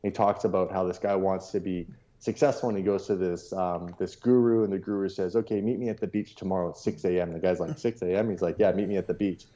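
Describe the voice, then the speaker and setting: Podcast guest: deep, mellow-voiced man, earnest and repetitive, on muffled lo-fi sound. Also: steady tone, quick pace, few pauses. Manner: earnest, storytelling, repeats key points. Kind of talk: casual motivational talk.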